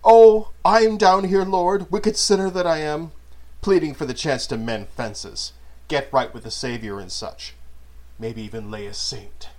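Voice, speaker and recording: A man's voice: a little high, measured pace, a little mellow, voice pushed up, lightly acted. Sneering theatrical male villain, gleeful cruelty, read by a man narrator. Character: mocking sinister male outcast, gleeful and cruel.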